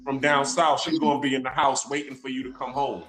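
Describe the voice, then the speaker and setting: A man's voice: mid-range voice, flat delivery, fairly quick, background noise. A man in a casual chat, explaining a point at length.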